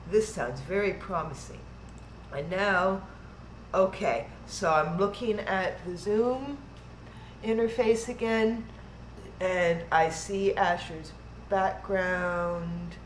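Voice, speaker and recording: Woman hosting a stream, rambly and flustered fixing tech stuff, echoey room, bit of hiss. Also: fairly low pitch. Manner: chatty, flustered, thinks aloud with restarts. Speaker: event host. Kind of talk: live-stream hosting, troubleshooting aloud. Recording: roomy echo, faint noise.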